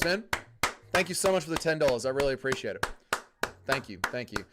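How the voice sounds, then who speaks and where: A man's voice: mid-range voice, animated, a little fast, noisy background. Laughing Australian man streaming live. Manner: loud, laughing, swearing banter with chat. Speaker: livestream host. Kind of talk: casual livestream chat reading viewer comments.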